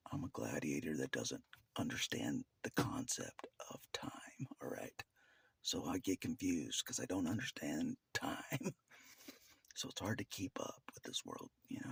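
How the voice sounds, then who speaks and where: A man with a very deep, gravelly voice that drops into a husky whisper. His pitch swings widely as he rambles to the camera, and he laughs often between phrases. The sound is close and dry. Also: no echo. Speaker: vlogger. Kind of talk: casual monologue to camera.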